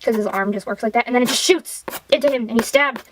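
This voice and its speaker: A woman's voice: on the high side, fast, background noise. A woman casually retelling a film's plot while drawing, in a rambling, irreverent way full of fillers. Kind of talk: rambling casual film recap.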